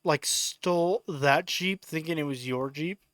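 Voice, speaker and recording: Male co-host, sharp bright tone, dry close sound, teasing side comments. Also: on the high side, no echo. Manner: teasing, quick interjections. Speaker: podcast co-host. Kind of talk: casual chat.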